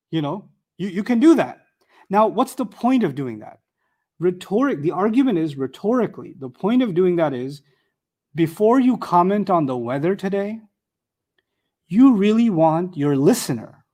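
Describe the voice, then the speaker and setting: A man's voice: sits high, a little mellow. A man teaching a live class, explaining step by step and asking the room rhetorical questions, with joking asides.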